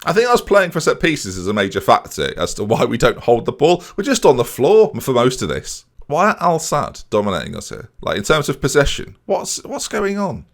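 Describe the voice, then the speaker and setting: A young man giving excitable, sarcastic running commentary as he plays a football management game and talks to his viewers. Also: mid-range voice, moderate pace, creaky, few pauses. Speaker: gaming YouTuber.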